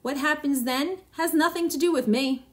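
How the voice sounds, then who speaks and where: Brief: woman voicing ruthless middle-aged husband, gruff, smug, harsh storybook villain. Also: sits high, moderate pace, pitched above the performer's own voice, lightly acted. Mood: cold, smug.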